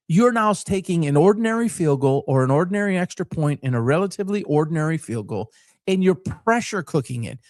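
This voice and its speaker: Fired-up man with lively pitch. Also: no echo, studio quality. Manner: emphatic and repetitive, building rhetorical lists; passionate, fired-up. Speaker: sports talk host; former coach. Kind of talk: opinionated sports commentary.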